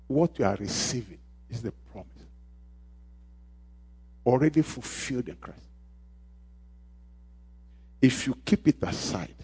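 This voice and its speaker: A male pastor preaching a sermon, repeating key phrases and calling on the congregation to answer, swinging between shouts and quiet lines. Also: mid-range voice, slightly rough.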